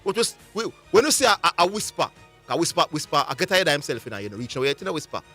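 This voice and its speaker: A man's voice: a little high, rapid-fire, faint music behind. A Jamaican man hosting sports talk radio, arguing heatedly, repeating and tripping over his words. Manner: animated and argumentative, stumbles and repeats words.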